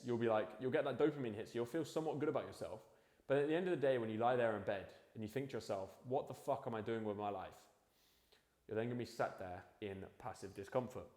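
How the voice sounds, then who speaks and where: A man's voice: on the low side, a little mellow. A young man talking to the camera in a casual motivational monologue at home at night, rambling, swearing freely and restarting his sentences. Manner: drops to mumbling while searching for a quote. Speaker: vlogger. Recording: echoey room with long reverb.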